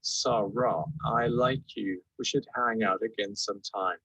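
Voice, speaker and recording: A man's voice: on the low side, measured pace, creaky, sharp tone, slightly rough, dry recording, heavily acted, poor audio. A man's synthetic text-to-speech voice playing a friendly young male wizard chatbot with a British accent. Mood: relaxed, friendly.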